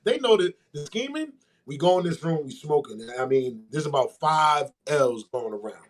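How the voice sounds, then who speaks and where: A man co-hosting a podcast tells a story at normal speed in casual chat. He's animated, acting out the people in it with big pitch jumps for their quoted voices.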